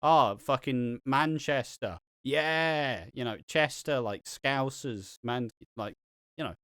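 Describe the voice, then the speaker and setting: A man co-hosting a podcast, talking in an animated, opinionated way with some swearing. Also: medium pitch, slow pace, smooth, dry recording, studio quality. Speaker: podcast co-host. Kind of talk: casual chat.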